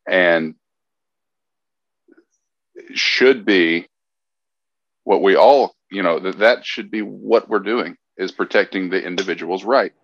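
Very deep-voiced man, dry and dull. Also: takes it slowly, pauses often, a bit bright, no echo. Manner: earnest, retells stories with quoted dialogue. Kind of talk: casual chat.

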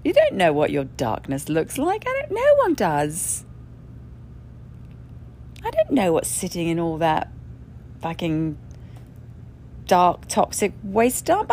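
Woman, blunt, profane, emphatic, lively rising and falling voice, candid monologue. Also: mid-range voice, unhurried, creaky, pauses often. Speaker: speaker sharing spiritual experience. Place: indoors in a rented lodging.

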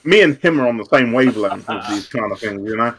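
A man's voice: on the low side, lively intonation, quick pace, crowd noise. A man on a podcast panel who starts with hesitant repeats, then talks through his opinions fluently. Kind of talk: casual chat.

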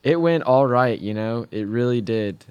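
A young man co-hosting a casual podcast, joking in a dry, deadpan way. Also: mid-range voice, normal speed, smooth, no echo, highs cut off. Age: young adult. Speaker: podcast co-host. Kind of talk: casual chat.

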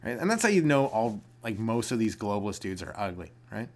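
A young man riffs alone on his comedy podcast, drifting from one bit to the next. His voice sits slightly low. He rambles casually and slips into quick impressions. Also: very animated. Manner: rambling, jokey, acts out little voices. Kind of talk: solo comedic riffing.

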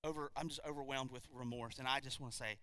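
A man's voice: mid-range voice, fairly even intonation, quick pace, sharp tone, no room sound, pitched below the performer's own voice, lightly acted. A man playing a rambling remorseful criminal. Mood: pleading. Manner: pleading, rambling, full of self-pity. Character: remorseful male criminal begging a judge.

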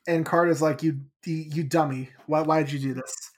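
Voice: medium pitch, steady tone, moderate pace, breathy edge. A podcast host casually recapping a book chapter in a chatty, playful way.

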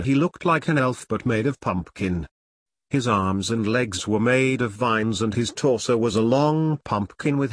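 A man reading a spooky story aloud as narrator, with slow, expressive storytelling. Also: medium pitch, no room sound.

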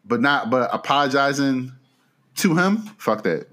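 Man, mid pitch, laid-back, opinionated, casual chat, frequent laughs. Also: lively intonation, a little slow, background noise.

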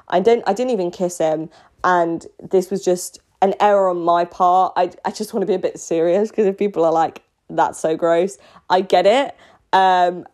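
A woman's voice: fairly low pitch, darkish tone. A young woman with a British accent, telling a personal story in a casual, self-mocking way and often laughing. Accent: British English.

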